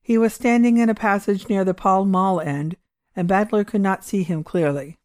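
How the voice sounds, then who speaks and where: A woman reading a short story aloud in a measured, even storytelling manner. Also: medium pitch, dry recording, clean studio sound. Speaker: audiobook reader. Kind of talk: storytelling narration.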